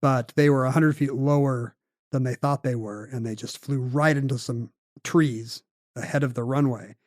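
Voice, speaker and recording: A man co-hosting a podcast, telling a story in casual chat with quick asides. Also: mid-range voice, fairly even intonation, darkish tone, no echo, studio quality. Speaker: podcast co-host.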